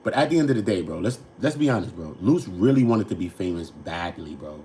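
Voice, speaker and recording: Animated New York man hosting. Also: fairly quick, slight background noise. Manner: animated, swings between loud outbursts and low mutters. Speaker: host. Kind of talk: casual commentary.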